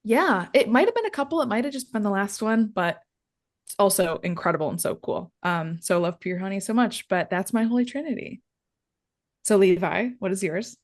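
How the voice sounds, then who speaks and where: A woman's voice: mid-range voice, moderate pace. A young woman co-hosting a casual music podcast. She speaks with gushing enthusiasm in a mid-range voice, with an easy, chatty flow. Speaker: podcast co-host. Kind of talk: casual chat.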